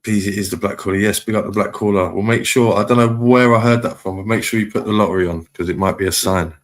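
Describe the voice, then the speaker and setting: A man, chatting casually on a live stream, reading viewer comments aloud and giving relaxed shout-outs. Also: on the low side, fast talker.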